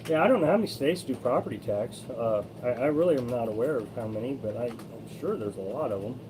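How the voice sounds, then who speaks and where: A man's voice: medium pitch, expressive, fast talker, background noise. A man from Missouri hosting a casual live stream about RV life, answering viewer comments in a rambling, opinionated way with many restarts. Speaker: host of a live-streamed RV living channel.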